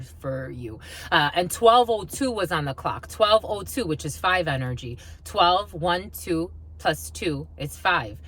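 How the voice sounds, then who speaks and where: A woman's voice: fairly low pitch, fairly bright tone. A woman giving a casual tarot reading, chatty and blunt, swearing freely and laughing as she talks. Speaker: tarot reader.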